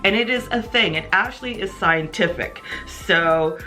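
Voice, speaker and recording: A woman's voice: on the low side, moderate pace, soft background music. A woman beauty vlogger chatting while doing her makeup, telling a story with lots of laughter and acted-out quotes. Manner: animated, laughing, acts out voices in her story. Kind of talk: chatty get-ready-with-me storytelling.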